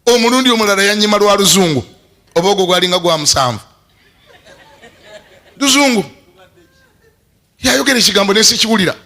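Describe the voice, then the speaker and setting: Bishop, man, fairly high and bright voice, lively sermon with laughter and sudden shouts. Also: fast, long pauses, a faint crowd. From Uganda. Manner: animated, laughing, bursts into shouts.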